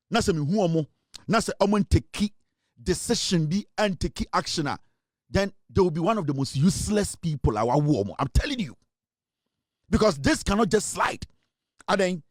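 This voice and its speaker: Fervent Ghanaian man, lively pitch. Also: no echo, studio quality. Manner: fervent, repeats rhetorical questions, mixes Twi and English. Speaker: political commentator. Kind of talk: impassioned political commentary.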